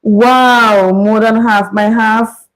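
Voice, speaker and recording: Slow-talking Vincentian woman. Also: a little high, steady tone, poor audio. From St. Vincent and the Grenadines. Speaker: livestream host. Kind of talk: casual livestream chat.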